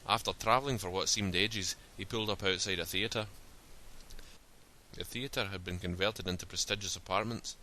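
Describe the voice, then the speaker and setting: A man narrating a story in a steady, plain reading style. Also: low-pitched, normal speed, a little hiss or hum.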